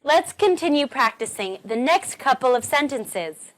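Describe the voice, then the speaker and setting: A woman teaching English pronunciation in a recorded online lesson, encouraging and deliberately modelling sentence stress. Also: high-pitched, big pitch swings, a faint crowd.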